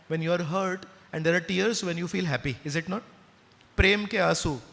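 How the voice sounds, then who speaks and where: A man with an Indian accent gives a devotional talk, telling a story and asking his listeners questions. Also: sits high. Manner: animated storyteller, asks the audience questions. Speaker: spiritual speaker. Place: temple hall with listeners. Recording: long reverb of a hall.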